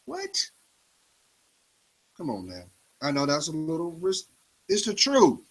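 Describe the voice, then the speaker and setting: A man giving an emphatic motivational talk in a preachy style, swinging his pitch up and down for effect. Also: huge pitch swings, takes it slowly, poor audio. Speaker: motivational speaker.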